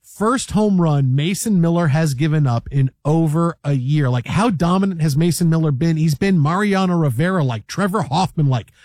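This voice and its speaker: Animated male sports host, high voice, dry studio sound, jokes and restarts. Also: moderate pace, no echo. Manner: animated, joking, repeats words. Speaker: sports talk show host. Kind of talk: casual sports chat.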